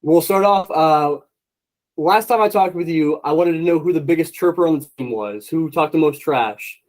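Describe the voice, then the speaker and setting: A man's voice: on the high side, normal speed, darkish tone, low-quality recording. Chatty male podcast host. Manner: chatty, many fillers, friendly. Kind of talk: casual interview.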